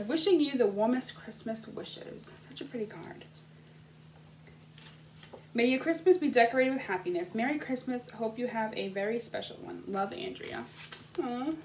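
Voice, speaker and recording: A young woman chatting casually as she unboxes gifts at home on the floor, gushing and excitable. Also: a little high, noisy background. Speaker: vlogger. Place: indoors at home, sitting on the floor.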